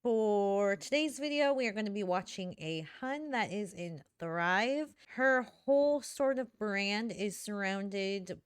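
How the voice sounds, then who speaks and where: Woman doing a sarcastic reaction vid at home, clear smooth voice, dry sound. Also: mid-range voice, expressive, takes it slowly, few pauses, no echo. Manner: sarcastic, critical. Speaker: YouTube commentator. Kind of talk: casual reaction commentary. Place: living room at home with a fire going.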